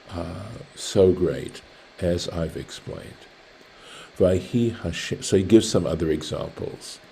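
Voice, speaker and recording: Man leading an online scripture class, very low voice, unhurried delivery. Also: mellow, a little hiss or hum. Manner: translates Hebrew line by line, thinking aloud. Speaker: Torah study teacher. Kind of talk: online Bible study class. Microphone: video call.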